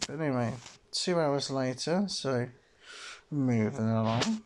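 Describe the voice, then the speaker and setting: A man's voice: medium pitch, expressive, slow, a little hiss or hum. A man commenting on a video game he is playing, reacting under his breath and hedging with lots of "sort of" and "I suppose". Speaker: gamer. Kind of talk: let's play commentary.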